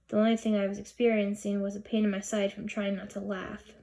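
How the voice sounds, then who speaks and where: A woman's voice: mid-range voice, level tone, brisk, vocal fry, hardly any pauses, warm tone. A woman narrating a children's chapter book in first person, reading expressively. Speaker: audiobook reader. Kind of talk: storybook narration.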